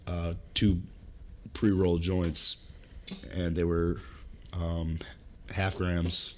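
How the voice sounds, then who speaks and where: A young man from the East Coast, co-hosting a podcast and telling a story in casual chat, who acts out his own panic in a high, strained voice. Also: flat delivery, drawn-out words, slight background noise. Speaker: podcast co-host.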